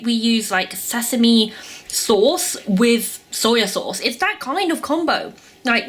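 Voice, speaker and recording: A young woman chatting through a casual taste-test vlog, describing the food as she eats it. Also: on the high side. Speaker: food vlogger.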